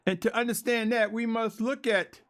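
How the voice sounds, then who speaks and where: A man preaching a sermon and reading scripture aloud, earnest and emphatic, with drawn-out pauses. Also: very high-pitched, fairly even intonation, a bit bright.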